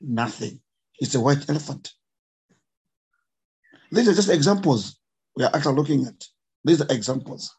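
A man with a Zambian accent speaks as a conservationist guest, his voice husky and a little higher than most men's. He is emotional and emphatic, circling back to repeat his key points. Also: expressive, moderate pace, pauses often, darkish tone, rough recording. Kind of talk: impassioned interview talk.

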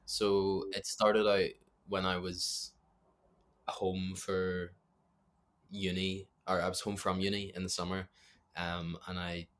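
Low flat-voiced Northern Irish young man. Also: slow. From Northern Ireland. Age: young adult. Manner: rambling, self-deprecating, many fillers. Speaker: musician guest. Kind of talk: casual interview chat.

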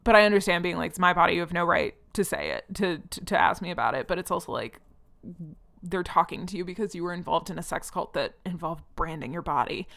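A young woman hosting a podcast, talking casually with many fillers and lively quoted asides. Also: fairly low pitch, fast talker, vocal fry. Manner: chatty, frequent "like" fillers, animated quoting of people. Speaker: podcast host. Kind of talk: casual commentary monologue.

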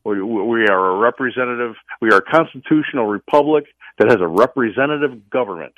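A man's voice: mid-range voice, animated, brisk, a bit bright, no room sound, muffled recording. A man speaking as a guest commentator on a talk radio show, emphatic and opinionated, stumbling and restarting often.

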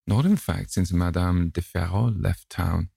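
A moody young gentleman murmurs polite, wry replies in a low, gravelly voice, as a man reads him in an audiobook. The sound is dry and close. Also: measured pace, dry recording, heavily acted. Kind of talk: audiobook character reading.

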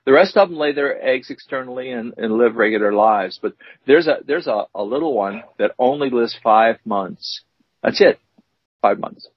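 A man's voice: mid-range voice, lively intonation, moderate pace, husky, no room sound. A man co-hosting a casual podcast, bantering with a playful, mock-emotional manner. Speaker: podcast co-host. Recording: dull lo-fi sound.

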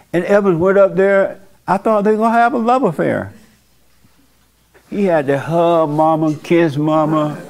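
A man hosting a church talk show with a somewhat high voice. He tells stories in a folksy, casual way and gives blunt opinions. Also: a little mellow. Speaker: host and pastor. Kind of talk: casual preaching chat.

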